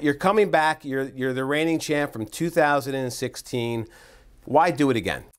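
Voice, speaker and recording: An upbeat man hosts a promotional interview in a studio, with a voice of middling pitch. He asks a guest questions at an easy, friendly pace. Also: expressive, normal speed. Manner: upbeat, pitch climbs high on the closing phone-number plug. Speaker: interview host.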